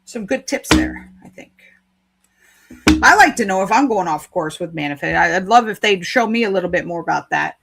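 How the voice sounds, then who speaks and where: A woman's voice: medium pitch, expressive, normal speed, gravelly, fairly bright tone, faint music behind. A woman giving spiritual card readings on a live stream, chatty, playful and encouraging.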